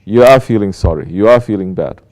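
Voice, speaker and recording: A man's voice: on the low side, expressive, a little fast, darkish tone. A man teaching a spiritual talk as a Sufi teacher, emphatic and full of rhetorical questions. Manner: rhetorical questions, emphatic, mocking quoted apologies. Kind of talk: sermon.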